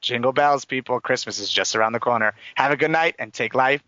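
A man hosting a radio talk show, energetic and chatty as he plugs sponsors and signs off. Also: mid-range voice, brisk, muffled recording, very noisy.

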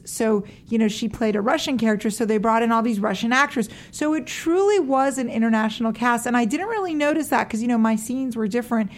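A woman guest chatting about her acting work, talking in a loose, chatty way with frequent laughs. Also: on the high side. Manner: chatty, laughs often, says "like" a lot. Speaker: actress guest. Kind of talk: casual interview chat.

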